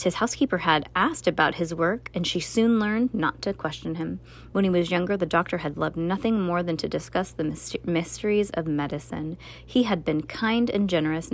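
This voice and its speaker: Woman reading a dark tale aloud. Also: lowish voice. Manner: dramatic, with slips and self-corrections. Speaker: storyteller.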